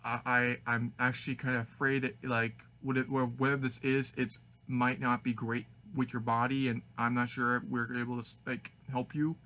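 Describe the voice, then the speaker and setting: Worried female teammate, read by a man, hesitant, halting, bright voice. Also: medium pitch, flat delivery, lightly acted, rough recording.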